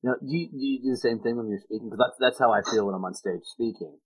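A man hosting an interview, asking relaxed questions full of fillers. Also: medium pitch, quick pace, breathy edge, low-quality recording. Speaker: host. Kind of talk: casual interview chat.

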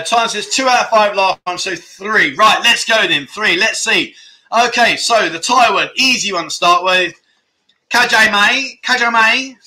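A man's voice: sits high, bright, forceful tone. A man from London with a London accent hosting a casual livestream chat show, chatty and jokey as he reads out viewer comments. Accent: London English. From London, England. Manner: chatty and jokey, rambling with restarts and laughs. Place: living in Thailand.

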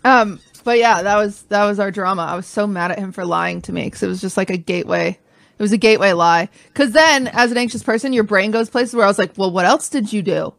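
A young woman hosting a casual podcast chat, telling her side of a story in an animated, indignant way. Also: medium pitch, fast, gravelly, no room sound. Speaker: podcast host.

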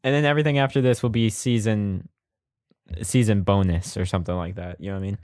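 A man's voice: lowish voice, fairly even intonation, fast talker, darkish tone, no room sound, studio quality. A young man co-hosting a casual podcast chat, laid-back and rambling. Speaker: podcast co-host.

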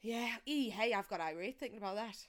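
A woman's voice: medium pitch, quick pace. A young woman, chatting casually as a podcast co-host, teasing and dry. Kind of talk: casual chat.

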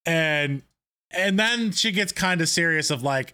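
Male co-host, higher register, eager scene-by-scene recapper, loose and filler-heavy. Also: lively intonation, unhurried, pushed and bright, smooth, no room sound. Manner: enthusiastic, retells scenes with quoted lines, many fillers. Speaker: podcast co-host. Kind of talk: casual TV recap chat.

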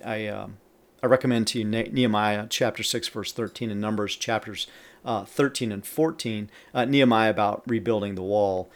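A podcast preacher gives a Bible teaching in a lowish voice with vocal fry. He reads scripture aloud with added emphasis, stopping between verses to comment.

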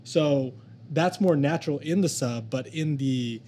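A man's voice: mid-range voice, unhurried, warm tone. Hesitant guy explaining anime stuff, mid voice, bit of background noise. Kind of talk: casual chat about anime.

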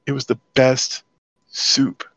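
A man's voice: medium pitch, flat delivery, slow, vocal fry, fairly bright tone, no room sound. A middle-aged man from southern California, telling his life story as an interview guest and acting out his own past lines. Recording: dull dry lo-fi audio.

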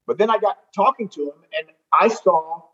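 A high-pitched man with a drawl tells a rambling, animated story, often restarting his sentences. The recording sounds dull and lo-fi, like a muffled podcast feed. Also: moderate pace. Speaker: golf tournament director. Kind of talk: casual storytelling interview.

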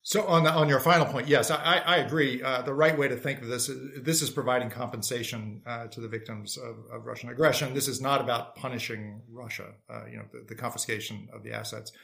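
Policy expert guy on a panel, mid pitch, measured, thinks out loud. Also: fairly even intonation, creaky. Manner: measured, reasoning aloud. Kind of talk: panel discussion.

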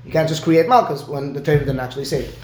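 A man's voice: fairly high pitch, steady tone, racing, darkish tone, a little hiss or hum. Man teaching Talmud in an echoey room. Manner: explains step by step, checks in with "right?". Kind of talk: one-on-one Talmud lesson.

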